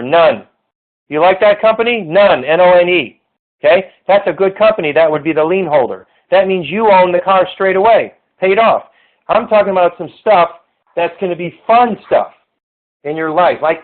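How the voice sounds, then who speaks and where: Tinny, upbeat man giving a sales pep talk. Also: a little high. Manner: pep-talk, repetitive urging. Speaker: network marketing trainer. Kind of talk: motivational screen-share tutorial. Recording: tinny phone-like audio.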